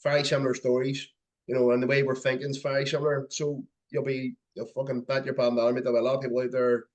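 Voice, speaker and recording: A man in his thirties hosting a podcast in a quick, chatty way. He encourages his guest and swears casually as he talks. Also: medium pitch, flat delivery. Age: 30s. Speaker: podcast host. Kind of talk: casual conversation.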